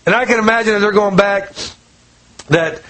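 A man's voice: sits high, moderate pace, fairly bright tone, rough recording. A man preaching a casual, conversational sermon, retelling scripture with homey storytelling and frequent chuckles. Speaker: pastor.

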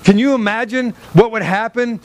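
Male pastor, high voice, lively humorous preaching on a church stage. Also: normal speed, slight background noise. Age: older than 37. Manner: animated, humorous, talks straight to the congregation. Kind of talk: sermon. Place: church sanctuary, on a low stage.

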